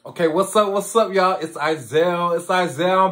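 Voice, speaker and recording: A man hosting his own music reaction video, chatting casually and excitedly, repeating phrases and laughing often. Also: sits high, normal speed. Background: music playing.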